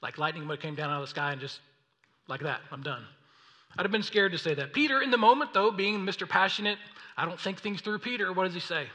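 A man preaching a sermon, reading scripture and acting out the people in the story in an animated way. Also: high-pitched, fast talker. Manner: animated, acts out voices of the story. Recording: long reverb of a hall.

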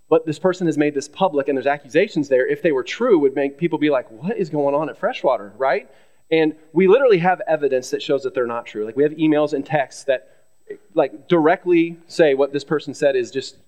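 Fast-talking earnest male pastor. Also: a little high, darkish tone. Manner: earnest, many fillers and restarts, asks "right?" often. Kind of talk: church announcement from the pulpit. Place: church sanctuary.

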